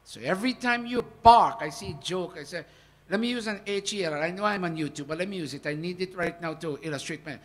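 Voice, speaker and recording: A man teaching a scripture workshop, talking in an earnest, animated devotional manner. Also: high voice, fast, slight background noise. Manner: animated, earnest, with swells of emphasis.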